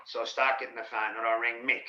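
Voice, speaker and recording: A man's voice: mid-range voice, level tone, fast talker, sharp tone. A middle-aged Australian man telling rambling, candid stories as an interview guest, swearing freely. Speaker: interview guest, former rugby league player. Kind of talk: candid storytelling. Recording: dull lo-fi sound in an echoey room.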